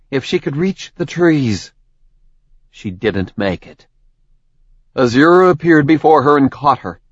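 A man narrating a dark fantasy novel in a measured, even reading. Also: medium pitch, no echo, dull audio. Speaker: audiobook narrator.

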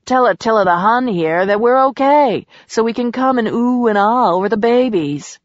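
A woman's voice: on the high side, animated, normal speed, no echo, dull audio, natural voice. Woman doing a cheeky, breezy brother. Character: breezy joking man, brother.

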